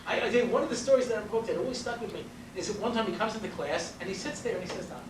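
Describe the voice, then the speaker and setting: Very fast and high-voiced, this Long Island rabbi tells stories in a lecture while repeatedly making sure his audience is with him. The recording sounds distant and roomy, with a little background noise.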